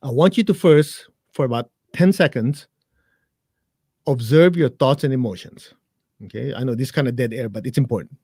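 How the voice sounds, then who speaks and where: A man's voice: medium pitch, expressive, fast talker, dark tone, slightly rough, dry recording, studio quality. A man teaching meditation as a guest, explaining in plain blunt words with jokes, then guiding listeners through a chant. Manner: blunt, joking, talks straight to listeners. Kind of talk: guided meditation instruction in a live interview.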